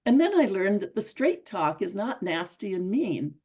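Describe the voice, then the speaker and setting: A woman's voice: medium pitch, sing-song, normal speed, dark tone, husky. A middle-aged woman giving an earnest, conversational motivational talk to a group, often repeating herself for emphasis. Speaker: speaker at a women's club.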